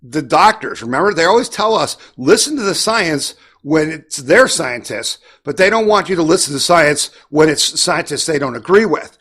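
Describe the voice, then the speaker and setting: Combative high-voiced male commentator. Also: animated, normal speed, few pauses, fairly bright tone, husky. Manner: combative, emphatic. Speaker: host of a political news show. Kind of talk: opinion commentary.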